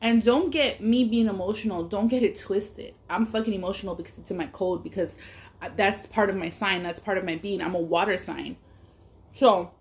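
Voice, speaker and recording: A woman tells a personal story while eating on camera. Her voice sits at an ordinary pitch for a woman. She speaks bluntly and with emphasis, swears freely and talks openly about her emotions. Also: moderate pace. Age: adult parent. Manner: candid and emotional. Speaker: mukbang vlogger.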